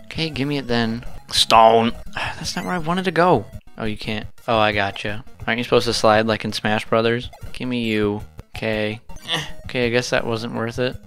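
Young guy playing an old game, cussing at it nonstop, mid-range voice, soft music underneath. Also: mid-range voice, fairly even intonation, fairly quick. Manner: frustrated, swearing, talking to the game. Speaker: gaming channel host. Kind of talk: casual gameplay commentary.

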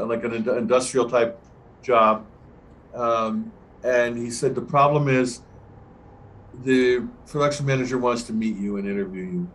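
An older man, a veteran camera assistant, telling a relaxed anecdote as a guest on a video-call Q&A and acting out the dialogue. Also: mid-range voice, a little hiss or hum, rough recording. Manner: relaxed anecdotal storyteller, acts out quoted dialogue. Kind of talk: storytelling in an online Q&A.

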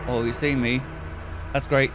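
A man giving excited commentary on a horror game while playing, swearing often and switching between low mutters and sudden yells. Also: moderate pace, background noise. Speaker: gaming video creator. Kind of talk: gameplay commentary. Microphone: gaming headset.

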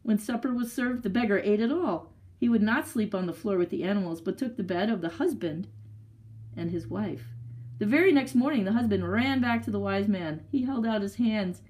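A woman leading a library story time, reading a picture book aloud to children with expressive storytelling and chatty asides. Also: medium pitch, moderate pace, poor audio.

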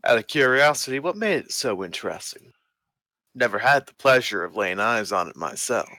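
A man voicing a polite, smooth-talking adult stranger at a tavern table. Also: mid-range voice, expressive, normal speed, pushed and bright, no echo, studio quality.

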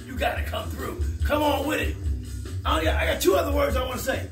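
A man shouting and chanting a hype video as a sports fan vlogger, laughing often. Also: extremely high pitch, fairly even intonation, fast talker, gravelly, distant mic. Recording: echoey room, off mic, loud music. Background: loud music.

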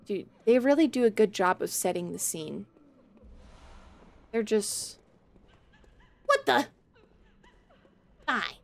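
A woman's voice: mid-range voice, expressive, slow pace, creaky, pauses often. A woman streaming a game live, reacting playfully, swearing and laughing as she talks to her chat. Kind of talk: live gameplay commentary.

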